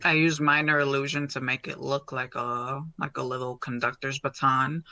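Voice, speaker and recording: Gravelly, bright-toned man at a game table. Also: medium pitch, level tone, normal speed, no echo. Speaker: player. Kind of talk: casual tabletop role-play.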